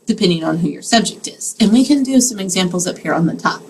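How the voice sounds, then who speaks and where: A woman's voice: mid-range voice, lively intonation, quick pace, few pauses, a little mellow, a little hiss or hum, rough recording. A woman teaching a Spanish grammar lesson in a classroom, explaining patiently step by step and checking in with her students.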